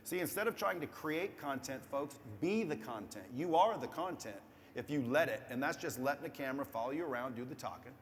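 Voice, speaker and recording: A man's voice: medium pitch, expressive, a little fast. A man as an interview guest giving casual business advice, blunt and profane, speaking straight to viewers. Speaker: guest entrepreneur. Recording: echoey room with faint background noise.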